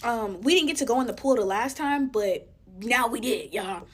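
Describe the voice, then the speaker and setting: A young woman chatting casually and telling a storytime while making slime, talking in an emphatic, animated way. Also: on the high side, moderate pace, husky. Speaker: storytime vlogger. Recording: noticeable background noise.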